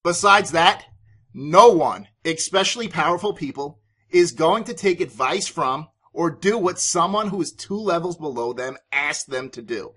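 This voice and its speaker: A man's voice: a little high, animated, unhurried, fairly bright tone, breathy edge. A man hosting a business podcast, giving sales advice in an emphatic, authoritative way. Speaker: podcast host and sales coach.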